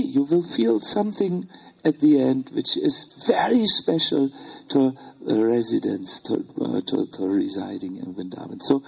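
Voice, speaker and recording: A man's voice: on the high side, vocal fry, fairly bright tone, slightly rough, poor audio. An older man with a German accent, a German native speaker, giving an informal, hesitant talk with many fillers to a retreat group as a spiritual teacher.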